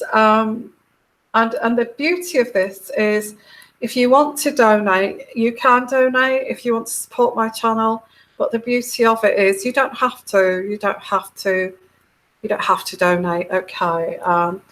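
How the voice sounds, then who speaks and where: A woman's voice: fairly high pitch, a bit bright, rough recording. A middle-aged woman with a British accent hosting a casual tarot livestream, chatting and reading out viewer comments in a meandering, hesitant way full of fillers.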